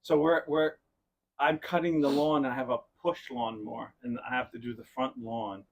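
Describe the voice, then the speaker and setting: A man's voice: medium pitch, level tone, moderate pace. A man hosting a podcast, telling a long rambling story in casual chat and often breaking into laughter. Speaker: podcast host.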